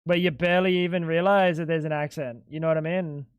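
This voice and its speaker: A man's voice: fairly high pitch, fairly even intonation, quick pace, clear, resonant tone, no room sound, highs cut off. A young man livestreaming a game, chatting casually and joking back at his chat. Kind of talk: casual gaming stream chat.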